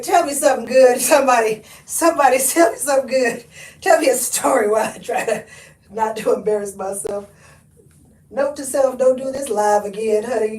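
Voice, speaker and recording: A woman's voice: fairly high pitch, darkish tone, recorded from a distance. A woman hosting a live thrift try-on, chatting folksy with viewers, laughing and calling them honey and y'all. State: out of breath. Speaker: thrift haul livestream host. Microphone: camera mic, often stepping away from it. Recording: echoey room, voice often off-mic.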